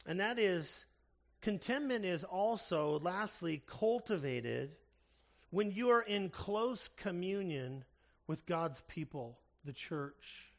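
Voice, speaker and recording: A man preaching a sermon as a pastor, earnest and slowing down to stress key words. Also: high-pitched, lively intonation.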